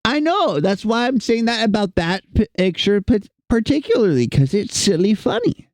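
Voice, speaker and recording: A man's voice: high-pitched, very animated, normal speed, darkish tone, no echo. A man streaming casually, chatting with his chat in a playful, teasing way. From United States.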